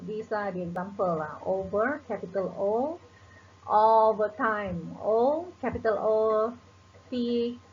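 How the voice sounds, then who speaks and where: A woman's voice: medium pitch, slow pace. A woman teaching a recorded lesson, spelling out letters one by one. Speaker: shorthand teacher. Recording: dull lo-fi recording with faint noise.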